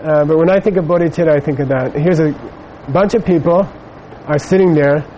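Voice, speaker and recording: Middle-aged male dharma teacher, slightly high voice, loose anecdotal telling, faint hiss behind. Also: brisk, dull audio. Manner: rambling, many fillers, storytelling. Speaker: Buddhist teacher. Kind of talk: dharma talk with personal anecdote.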